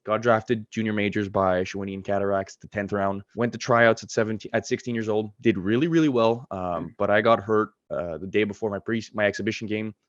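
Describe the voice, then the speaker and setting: A man in his twenties from Montreal, a college goalie telling his hockey story in a casual, animated way with quick asides and corrections. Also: fairly low pitch, dry recording, dull audio. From Montreal, Quebec, Canada.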